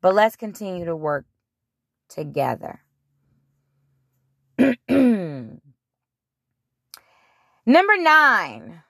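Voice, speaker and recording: Woman host, unhurried delivery, dry close sound, blunt and profane. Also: mid-range voice, creaky, dry recording. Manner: animated, blunt, profane, retelling scripture in her own words. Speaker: podcast host. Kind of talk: casual spiritual monologue.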